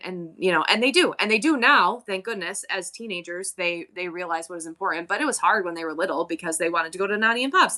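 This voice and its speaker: A chatty woman in her forties hosts a live stream and talks straight to her viewers. Her voice has a bright, forward edge. She rambles and keeps breaking off her own sentences. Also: mid-range voice. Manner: chatty, candid, rambling with self-interruptions. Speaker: live-selling stream host. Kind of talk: casual chat to live viewers.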